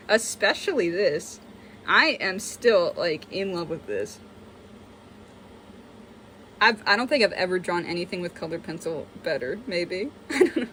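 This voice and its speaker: A woman's voice: mid-range voice, a little hiss or hum. A young woman giving a casual, self-mocking tour of her old sketchbook as a vlogger. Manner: chatty, self-mocking, animated. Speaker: artist and vlogger.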